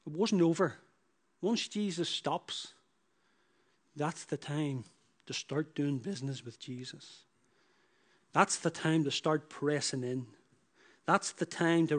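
Guy preaching, kinda high voice, keeps repeating lines and pushing them louder. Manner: emphatic, repetitive preaching with rising bursts. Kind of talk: sermon.

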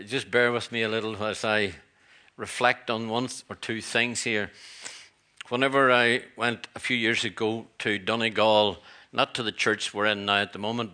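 A man's voice: medium pitch, pushed and bright. A middle-aged man, a pastor preaching a sermon in a church, earnest and repetitive, with chatty asides.

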